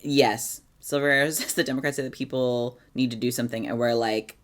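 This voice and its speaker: A woman's voice: very deep voice, level tone, brisk, hardly any pauses, bright, forceful tone. Chatty woman live-streaming. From Oregon, USA. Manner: chatty, reads chat aloud, sarcastic asides. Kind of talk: casual live-stream chat.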